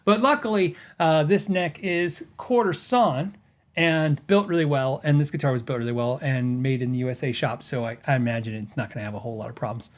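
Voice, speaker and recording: A man's voice: medium pitch, brisk. A middle-aged man hosting a podcast, telling stories in casual chat with lots of fillers and restarts. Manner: rambling, filler-heavy storytelling with laughs. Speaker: podcast host.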